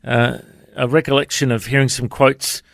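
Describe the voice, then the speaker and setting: A man's voice: medium pitch, little pitch movement, normal speed, vocal fry, no room sound, studio quality. A man hosting a radio interview, friendly, laughing along with his guest and asking questions. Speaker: radio host.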